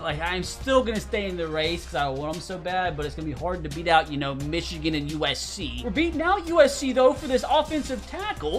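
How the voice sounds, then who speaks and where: A young man hosting a gaming channel, giving excited gameplay commentary to his viewers, swinging between loud outbursts and frustrated muttering. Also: fairly high pitch. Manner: talks to viewers as "fellas".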